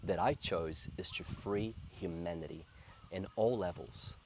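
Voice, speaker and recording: Low-voiced earnest man in his thirties. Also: darkish tone, slight background noise. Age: 30s. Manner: earnest, reflective, slow and heartfelt. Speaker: spiritual coach. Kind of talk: personal spiritual storytelling to camera.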